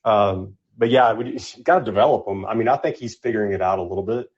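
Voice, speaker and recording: A man with a lowish voice talks fast as a caller on a live podcast room, rambling loosely about his team in casual fan chat. The call audio is dull and lo-fi.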